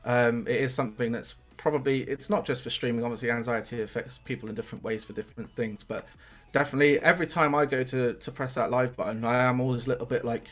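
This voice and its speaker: A man's voice: mid-range voice, steady tone, fast, a bit bright, soft background music. A young man, chatting casually as a guest on a streaming podcast and swearing now and then.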